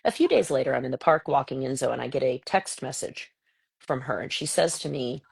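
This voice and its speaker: A woman hosting a casual live chat, telling an animated story about her son and acting out the voices of the people in it. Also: extremely low pitch, a little fast, creaky, slightly rough, no room sound, low-quality recording. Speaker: host.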